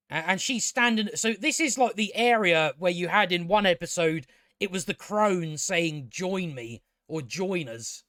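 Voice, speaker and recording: A man's voice: high-pitched, a bit bright, no echo, clean studio sound. A man reviewing a TV episode in a rambling casual recap, sarcastic and profane, stumbling over restarts. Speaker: video reviewer.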